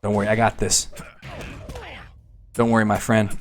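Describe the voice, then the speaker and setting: A man's voice: on the low side, flat delivery, normal speed, slight background noise. A man giving casual, playful gameplay commentary, with apologetic, laughing asides. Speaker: let's play host.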